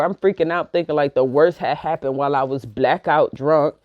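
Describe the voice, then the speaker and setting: A woman, telling a personal story in a casual, slangy, profane and animated way. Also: deep voice, brisk, few pauses, dry recording, dull audio. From New York. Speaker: vlogger.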